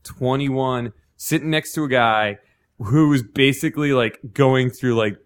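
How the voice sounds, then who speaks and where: A man's voice: mid-range voice, measured pace. A young man telling a long story in casual chat, rambling with lots of "like" and acting out what other people said. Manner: rambling, heavy on "like", acts out other people's lines. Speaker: podcast guest telling a story.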